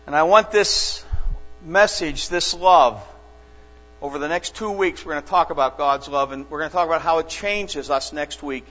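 A man preaching a sermon as a pastor, telling stories slowly and earnestly with dramatic pauses. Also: on the high side, a bit bright. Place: church sanctuary. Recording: dull lo-fi church recording with long reverb and mains hum.

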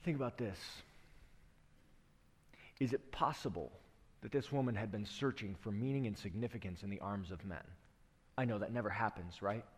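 A man's voice: on the low side, normal speed, long pauses, breathy edge, in a large hall. A male preacher delivering an earnest sermon that tells a story and asks rhetorical questions, in a church.

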